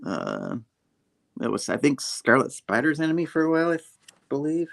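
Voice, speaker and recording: A man's voice: on the high side, wildly swooping pitch, normal speed, gravelly. A man hosting a casual comic review show, retelling scenes with a rambling, laughing manner. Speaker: host.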